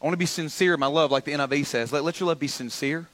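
A pastor preaching a sermon to his church, calling on the congregation to answer back, with frequent stammered restarts and swings up to loud exhortation. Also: on the high side, very fast. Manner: builds from calm teaching to loud, rising exhortation; frequent repeated starts and stammers. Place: church sanctuary.

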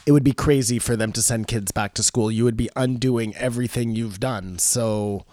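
A middle-aged man with a mid-range voice chats on a podcast, blunt and emphatic, dropping swear words without pause. The recording is dry and close. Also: medium pitch, darkish tone, no echo. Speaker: podcast co-host. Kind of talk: casual chat.

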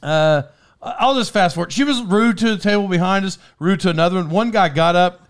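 Male podcast host with a fairly high voice, chatty and rambling, trips over his own sentences and laughs a lot, studio recording. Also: brisk, smooth. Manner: rambling, self-interrupting, laughs often. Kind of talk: casual storytelling chat.

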